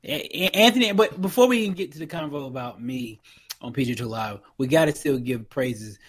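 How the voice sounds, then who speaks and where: A man's voice: medium pitch, animated, fairly bright tone, slightly rough. A man co-hosting a podcast in casual chat, talking with many restarts and laughs. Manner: halting, lots of restarts and laughs. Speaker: podcast co-host.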